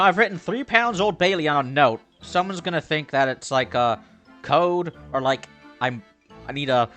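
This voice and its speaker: A man's voice: medium pitch, a bit bright. A man hosting a let's play, giving casual commentary in rambling, self-amused asides.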